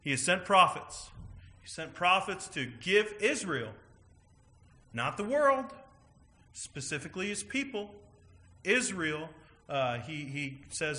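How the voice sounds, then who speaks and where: A man preaching a sermon, teaching with animated emphasis and frequent "all right" and "right?" asides. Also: on the high side, a little slow. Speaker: pastor.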